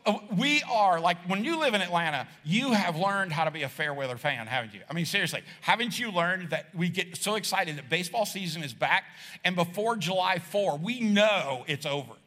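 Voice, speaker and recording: Speaking fairly quickly in a high-pitched voice, this middle-aged pastor preaches an animated, jokey sermon to his congregation and performs different voices as he goes. The setting is a large church hall full of listeners, captured with long reverb.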